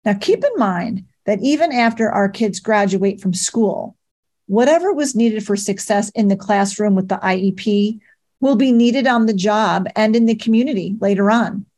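A middle-aged woman talks plainly and practically, giving advice as a mother of eight. Her voice sits at an everyday middle pitch for a woman. She speaks directly, with casual fillers. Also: moderate pace, a little mellow. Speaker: parent advocate. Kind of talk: advice talk.

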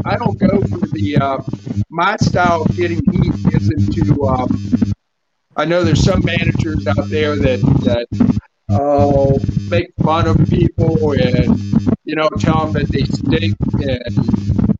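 A man's voice: fairly high pitch, animated, slow pace. A man guesting on a talk show as a wrestling manager, talking hesitantly with many restarts. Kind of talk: casual chat. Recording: dull lo-fi with loud music behind.

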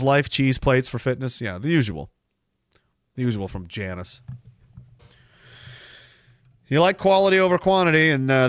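A man hosting a livestream, reading chat comments with profane, sarcastic rants and loud mocking outbursts. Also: medium pitch, dry recording, clean studio sound. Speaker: livestream host.

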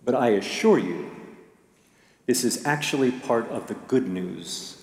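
Male pastor, sermon delivery, mid-pitched, measured storyteller, echoey sanctuary. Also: animated, darkish tone. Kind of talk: sermon with scripture reading. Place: church sanctuary. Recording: echoey church hall.

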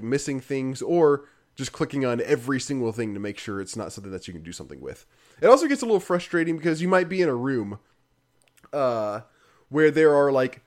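A man in casual conversation, rambling through a critical game review with lots of fillers and the odd laugh. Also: medium pitch. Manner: rambling, heavy use of fillers, frequent laughs; dry, critical.

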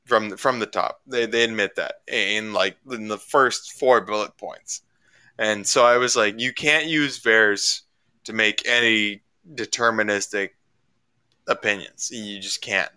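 Bright, smooth-voiced Canadian man, stammering. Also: fairly low pitch. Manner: animated storytelling, frequent stammering restarts. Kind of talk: casual chat.

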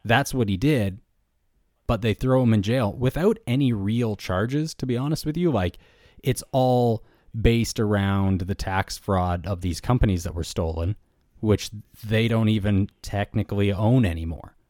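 A man with a lowish voice recaps a book for his co-host in easygoing conversation. He sprinkles in "like" and "you know" as he goes. The sound is close and dry. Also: unhurried, no echo. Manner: relaxed storytelling with many "like" and "you know" fillers. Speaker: podcast co-host. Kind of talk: casual book review chat.

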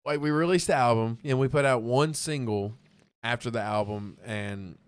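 A man's voice: medium pitch, normal speed, clear, resonant tone. Rambling man telling a story. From Arkansas. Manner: rambling, many "like" fillers, laughs often. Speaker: podcast guest, band vocalist. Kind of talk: casual storytelling chat.

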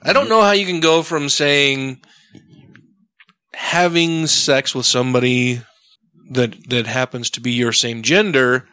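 A man co-hosting a podcast, chatting casually and reading out a blog post in an animated way. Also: mid-range voice, unhurried, smooth, no room sound. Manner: animated, reads quotes in a mock British tone. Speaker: podcast co-host.

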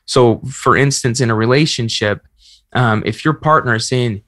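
In clean studio sound with no room tone, a podcast host and relationship coach speaks at a moderate pace in a fairly bright, mid-range voice. Earnest and conversational, he illustrates his ideas by acting out examples.

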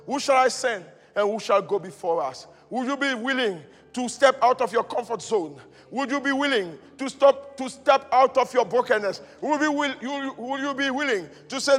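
Male pastor, very high voice, impassioned sermon with repeated lines, reverberant hall. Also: normal speed, faint music behind. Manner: impassioned preaching, repeating phrases, swinging from soft to loud.

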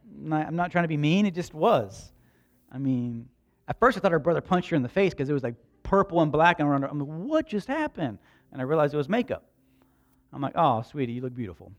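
A male pastor delivers a sermon built around a personal story. His voice sits a little high for a man, and he drops to a near hush in the anecdote before rising into loud, drawn-out emphasis. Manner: storytelling, swings from hushed to loud and slow for emphasis.

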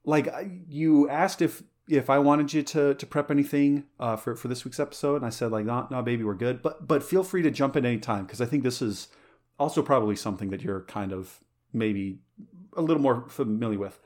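A slightly fast, slightly mellow medium-pitched voice belongs to a podcast host in casual conversation. His eager, rambling talk is dotted with fillers and restarted thoughts.

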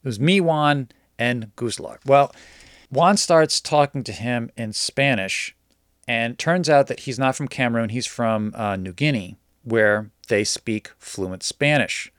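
A man spinning a casual story, animated and quick to act out each person's lines in his own voice. His pitch sits in the middle, and the sound is dry and close, with no room echo. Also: clean tone. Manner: animated, acts out quoted dialogue.

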